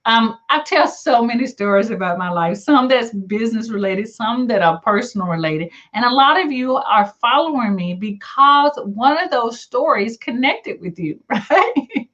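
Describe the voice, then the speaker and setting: A woman's voice: a little high, expressive, moderate pace, few pauses, fairly bright tone. A woman business coach talking casually to her viewers, often checking in with a "right?" aside. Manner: conversational, frequent "right?" asides. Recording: slightly dull lo-fi sound.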